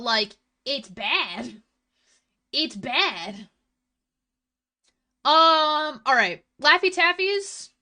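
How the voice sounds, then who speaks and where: A woman's voice: sits high, sharp tone. A young woman streamer chatting casually with her viewers, blunt and full of swearing. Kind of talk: casual chat stream, reading chat.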